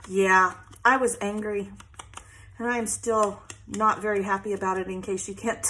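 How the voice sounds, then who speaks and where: A woman's voice: medium pitch, fairly even intonation, a little slow, sharp tone. A middle-aged woman chatting casually while she scrapbooks, venting and laughing often. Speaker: scrapbooking vlogger. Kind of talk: casual chat while crafting.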